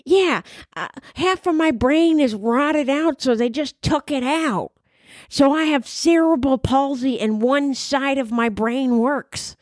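A woman mimicking a sweet, middle-aged female religion teacher who talks slowly and haltingly. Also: high voice, no echo, voice pushed up. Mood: earnest. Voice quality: slow, halting, earnest. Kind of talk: comedic impression.

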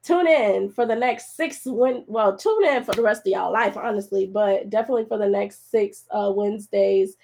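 This podcast host talks to her listeners alone and tearfully, encouraging "y'all" in an emotional, casual way. She speaks at a normal speed with a medium pitch, vocal fry, a darkish tone, and hardly any pauses.

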